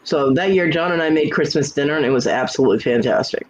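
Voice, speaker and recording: A man's voice: a little high, fast, low-quality recording. A man hosting a casual livestream chat from home, telling blunt, profane stories. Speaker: livestream host.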